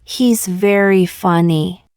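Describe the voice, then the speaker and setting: A woman reading short example sentences one by one for English learners, in a slow, deliberate, evenly paced way. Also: on the low side, darkish tone, clean tone, no room sound, studio quality. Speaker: English teacher.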